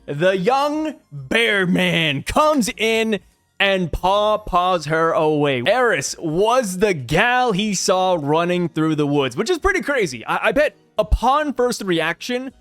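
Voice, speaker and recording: High, animated man breaking down a comic. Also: slow pace, no echo, soft background music. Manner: animated, jokey, thinks aloud. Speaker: manga review channel host. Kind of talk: casual commentary video.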